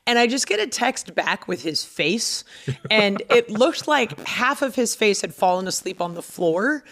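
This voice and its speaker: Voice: medium pitch, animated, measured pace, a bit bright. A podcast host opening the show, reading a sponsor spot and teasing a co-host. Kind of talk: podcast host read and chat.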